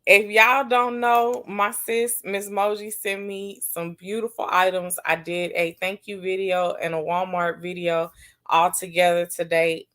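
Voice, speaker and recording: A woman hosting a casual livestream, chatting warmly and answering viewers' comments one by one. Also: mid-range voice. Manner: affectionate, calls viewers baby and sis. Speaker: livestream host.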